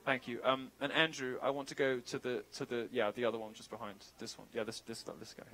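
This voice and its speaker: Bright-voiced sardonic male speaker. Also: medium pitch, little pitch movement, brisk, slight background noise, low-quality recording. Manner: provocative, sardonic and joking. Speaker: guest speaker. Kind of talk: campus talk with audience Q&A.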